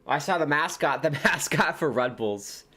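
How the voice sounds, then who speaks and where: This is a man from the United States, casually commentating a football match for his live stream audience. He talks in a loose, rambling way, wandering from match calls to side stories. He also jumps up in excitement at close chances. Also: on the high side, moderate pace. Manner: chatty and rambling, jumping between match calls and tangents. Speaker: livestream host.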